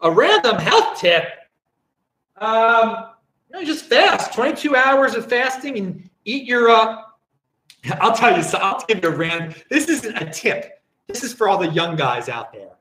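Rambling, animated man in an echoey room. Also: sits high, a little slow. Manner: rambling, chuckling, self-interrupting. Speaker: livestream host. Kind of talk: casual livestream chat, reading viewer comments.

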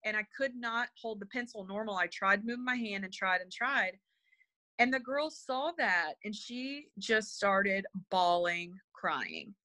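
Woman interview guest, sincere storyteller, hesitant and filler-heavy, sharp bright tone, dry recording. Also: mid-range voice, lively intonation, a little slow, dry recording. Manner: hesitant, full of fillers and restarts; earnest and emotional. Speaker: interview guest, spiritual medium. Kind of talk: personal storytelling in conversation.

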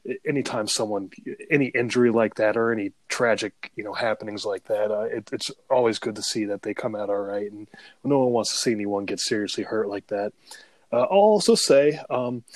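A man's voice: fairly low pitch, brisk, dry recording. A man co-hosting a sports betting podcast, chatting casually and joking loosely. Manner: loose and joking, laughs through his bits.

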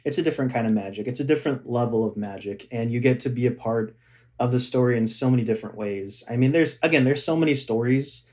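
A former theme park cast member tells stories in a casual chat, brimming with enthusiasm and laughing often. His mid-range voice has a darkish tone, and he talks fast.

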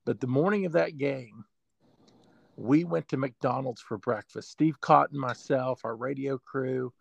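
A man who works as a sports information director, telling a story emotionally and haltingly, with many fillers. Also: mid-range voice, vocal fry, no echo. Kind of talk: storytelling in an interview.

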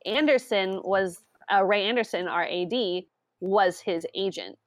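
A woman co-hosting a casual sports podcast, swearing freely, laughing often and reacting with loud disbelief. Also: mid-range voice, unhurried, no room sound. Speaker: podcast co-host.

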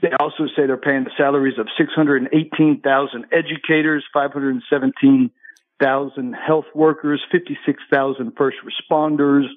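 A man's voice: medium pitch, little pitch movement, normal speed, no echo. A male caller arguing on air with a radio host. He reads off figures and talks over the host. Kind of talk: heated call-in radio argument. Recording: tinny phone line.

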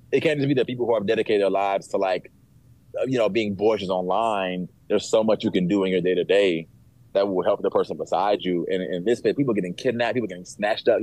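A man's voice: fairly low pitch, steady tone, a little fast, a little mellow, dry recording, poor audio. A man podcast co-host in casual chat, talking sincerely and with many fillers.

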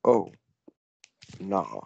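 A man's voice: sits low, sing-song, drawn-out words, creaky, darkish tone, slightly rough, muffled recording. A young man co-hosting a casual podcast chat, joking around in slang and losing his train of thought. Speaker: podcast co-host.

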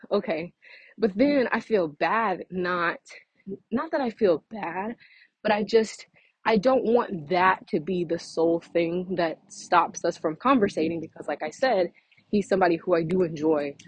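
A woman's voice: on the low side, normal speed, breathy edge, dry recording, poor audio. A young woman venting casually to her followers, chatty and exasperated, with laughing asides, a little out of breath from walking outdoors. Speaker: vlogger. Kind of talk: casual vent to camera.

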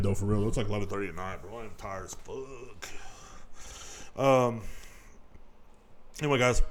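A man hosting his own podcast alone, in a profane, rambling rant that swings between loud outbursts and low mutters. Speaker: podcast host.

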